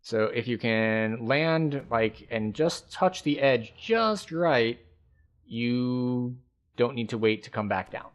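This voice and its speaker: A man streaming a game, thinking aloud and calmly explaining the mechanics as he plays. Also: medium pitch, slow pace. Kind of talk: casual gameplay commentary.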